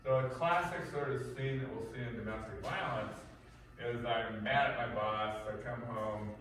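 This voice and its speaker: A man's voice: mid-range voice, normal speed, fairly bright tone. A male instructor giving an informal lecture to a class, rambling and conversational, with lots of fillers and restarts. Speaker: martial arts and life-skills instructor. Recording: echoey room from far off, faint noise.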